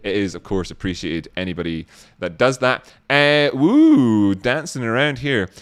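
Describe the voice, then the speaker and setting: A man's voice: medium pitch, sing-song, measured pace, clear, resonant tone, no echo. Man, livestream host, casual, rambling and joking, reads chat aloud, dry sound.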